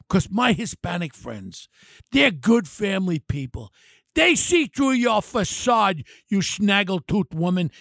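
An older man, ranting angrily and mockingly about politics on his podcast, shouting in bursts. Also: high voice, gravelly, no room sound, studio quality. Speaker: podcast host. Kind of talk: angry political rant.

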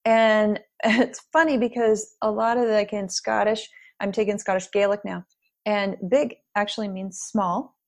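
A middle-aged woman being interviewed as an author, chatting in a lively, storytelling way and laughing often. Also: mid-range voice, a little slow. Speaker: guest author. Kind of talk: casual interview chat.

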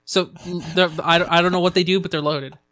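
A man with a fairly high voice chats casually as a podcast co-host, trailing off and filling gaps with ums and quick mm-hmms. The sound is dry and close, with no room echo. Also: level tone, fairly bright tone. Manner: chatty, trailing fillers, frequent mm-hmms. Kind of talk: casual chat.

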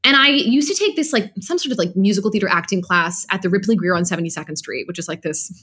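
A woman talking in an animated, laughing way while she tells her own stories in an interview. Her voice sits at a middle pitch, and she keeps slipping into little voices for the people she quotes. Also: quick pace, breathy edge. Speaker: guest. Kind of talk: casual storytelling interview.

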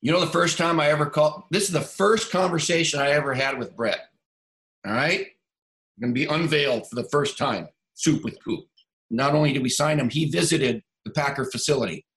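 A man's voice: fairly high pitch, a little fast, a bit bright. A man in his sixties, a former football coach, telling a story in a casual podcast chat and acting out both sides of a phone call.

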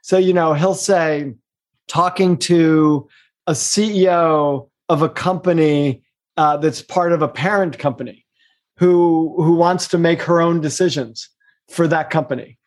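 A middle-aged man with a fairly high voice, talking as a guest coach in a relaxed interview. He is emphatic and expressive, rushing through some phrases and stretching out others for emphasis. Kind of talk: casual interview conversation.

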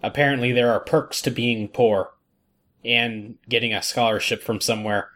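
A man hosting a podcast in casual chat, relaxed and rambling with lots of fillers. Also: medium pitch, normal speed. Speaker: podcast host.

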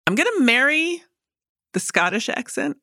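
A woman's voice: sits high, very animated, moderate pace, creaky, pushed and bright, no room sound, studio quality. Chatty woman with a slight New York accent. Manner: chatty, laughs often, many fillers. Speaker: podcast co-host. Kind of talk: casual chat.

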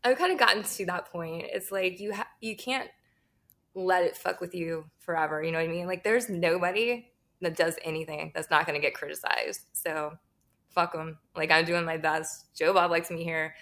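A woman with a low, gravelly voice talks openly as a guest in a relaxed interview. She laughs often and swears without a second thought. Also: moderate pace. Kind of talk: casual interview chat.

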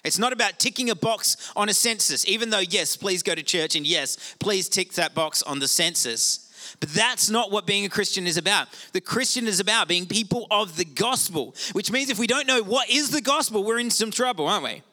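Male pastor, middle-aged, sermon, very bright sharp tone, slightly high voice, animated conversational delivery. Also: normal speed. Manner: animated, conversational preaching with self-deprecating asides.

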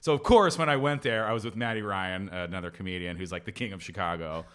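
A man casually chatting on a podcast, animated and profane, dropping into quick voices for other people. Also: sits low, smooth. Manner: animated, swearing, quick impressions. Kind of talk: casual chat.

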